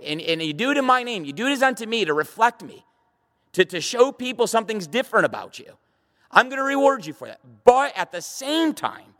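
A middle-aged male pastor with a high, fairly bright voice preaches emphatically to a live audience, repeating words and firing rhetorical questions at them. His sermon rings through a church hall with a long reverb tail.

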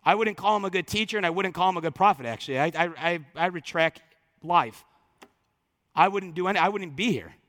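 A pastor preaching to his congregation, swinging from loud emphatic lines to hushed, slow ones. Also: high-pitched, long reverb tail. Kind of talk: sermon.

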